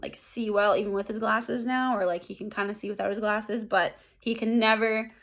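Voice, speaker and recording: A woman's voice: mid-range voice, fairly even intonation, normal speed, a bit bright. A woman English teacher recapping a lesson in a casual, chatty way, full of fillers and tag questions.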